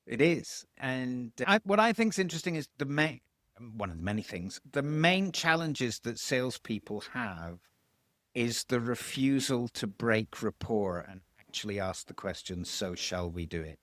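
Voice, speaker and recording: A man, a voice coach explaining vocal tones in an interview, demonstrating by swinging his pitch high and low. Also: expressive, measured pace, fairly bright tone, no room sound, studio quality.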